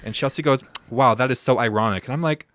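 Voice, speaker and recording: A man's voice: mid-range voice, fast talker, fairly bright tone. A young man talking as a podcast guest, telling stories in a playful, camp, teasing way and laughing often. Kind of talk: casual chat, storytelling.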